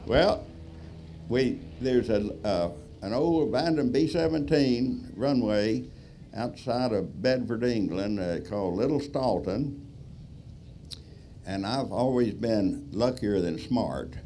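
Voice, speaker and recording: A man's voice: medium pitch, animated, slow pace, warm tone, faint music behind. A man telling a rambling, folksy story from the stage as a guest speaker. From Texas. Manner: folksy, rambling, lots of fillers. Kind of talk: storytelling talk.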